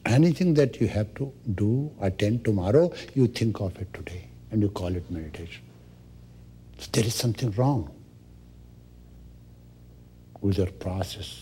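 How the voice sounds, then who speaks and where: A man, a spiritual teacher giving an unhurried, instructive meditation talk. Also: on the low side, a little hiss or hum. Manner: unhurried, instructive, with soft asides.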